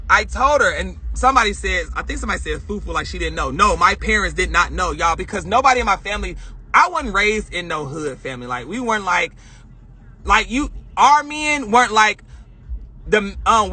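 A young woman vlogger telling a personal story in a chatty, animated way, swearing and acting out quotes. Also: medium pitch, slightly rough. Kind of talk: casual storytelling.

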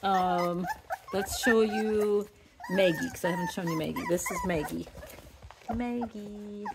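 A woman's voice: wildly swooping pitch, a little slow, background noise. A woman dog breeder chatting casually on her vlog while showing her puppies in their indoor pen, cooing at them now and then. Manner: chatty, coos at the puppies in a high baby voice.

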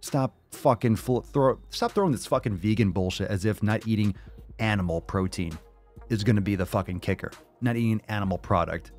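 A man with a fairly low voice rants through a reaction video, swearing at every turn and mocking what he sees. He sounds fired up and scornful as he talks straight to his viewers. Faint music plays underneath. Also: a little fast, darkish tone. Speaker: fitness video host. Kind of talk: profane ranting reaction commentary.

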